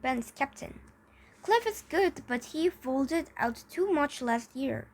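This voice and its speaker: A woman's voice: high voice, animated, slow, slight background noise, full character voice. A woman reading aloud, voicing an eager, scheming schoolboy skater in a storybook with an upbeat, persuasive manner.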